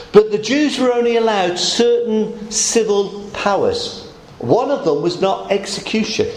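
Male preacher, emphatic sermon, high lively voice, echoey hall, faint noise. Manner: animated, emphatic, explaining step by step.

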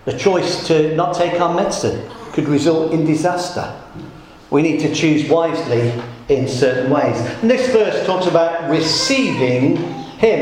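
A man preaching a sermon to a congregation, telling jokes and stories in a playful, lively way. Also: on the high side, a little hiss or hum. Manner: jokey, lively storytelling. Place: church. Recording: echoey church room.

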